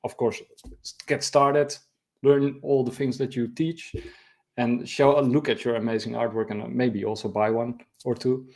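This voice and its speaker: A man hosting a casual online interview, his voice a little hoarse from a cold. He speaks in a friendly way, pausing on fillers as he wraps things up. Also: medium pitch, level tone, darkish tone. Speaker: host.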